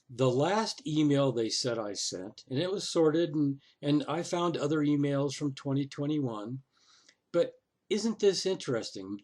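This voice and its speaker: Slow, sarcastic man with a higher voice. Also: darkish tone. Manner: sarcastic, exasperated; thinks aloud, with frequent "oh" and "okay". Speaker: local resident complaining to city council. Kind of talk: screen-recorded walkthrough.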